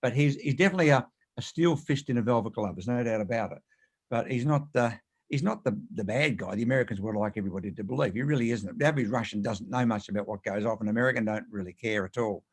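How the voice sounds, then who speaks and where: Male author, rapid storyteller, emphatic, interview guest. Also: medium pitch, breathy edge. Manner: animated anecdotes, quick and emphatic.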